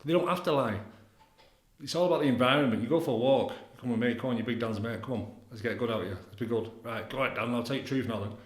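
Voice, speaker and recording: A man's voice: medium pitch, fast. A man, an addiction counsellor, talking bluntly and boastfully in a podcast chat, swearing freely. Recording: echoey room.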